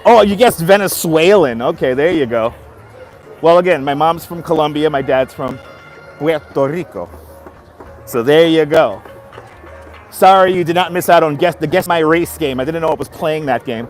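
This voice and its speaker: Brooklyn guy in his 50s live streaming outside, kinda high voice, blunt and chatty, bit of music behind. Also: lively intonation, normal speed. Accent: Brooklyn New York. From Brooklyn, New York. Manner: blunt, chatty, answers viewer comments. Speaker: livestreamer. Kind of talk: casual live-stream chat. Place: outdoors in a busy seaside city area.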